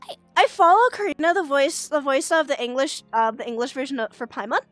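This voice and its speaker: A woman's voice: high voice, brisk, fairly bright tone, no room sound, faint music behind. A young woman streaming and chatting casually with viewers, giggly and prone to exclamations. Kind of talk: casual livestream chat.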